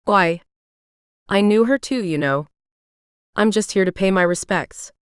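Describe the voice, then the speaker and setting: A woman's voice: medium pitch, measured pace, smooth, no room sound, clean studio sound, close to an everyday voice. A woman reading as a cold, sneering young man. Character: curt, defensive young man.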